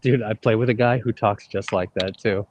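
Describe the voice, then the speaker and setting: Low-voiced man talking through his golf shots. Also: steady tone, moderate pace, a little mellow, muffled recording, a little hiss or hum. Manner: matter-of-fact, talking himself through shots. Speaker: host and golfer. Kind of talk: casual livestream chat. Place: outdoors on a golf course.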